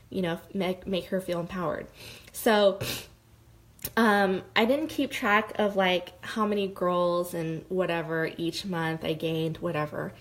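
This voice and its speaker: A woman's voice: fairly low pitch, rough recording. A young adult woman speaking candidly in a personal testimonial monologue about her sales work, heartfelt and rambling with many fillers. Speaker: direct-sales consultant.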